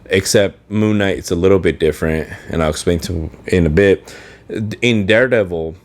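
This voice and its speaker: A man with a very low voice talks through a show on his podcast. He speaks casually and rambles, often stopping to search for the right word. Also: normal speed. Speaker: podcast host. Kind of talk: casual solo review chat.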